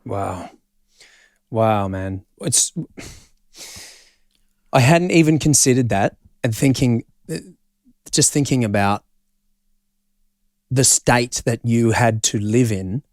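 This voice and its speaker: A man's voice: medium pitch, takes it slowly, pauses often, a little mellow, no echo, clean studio sound. A man with an Australian accent hosting a podcast, reacting with frequent exclamations and musing aloud. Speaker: podcast host. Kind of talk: casual interview chat.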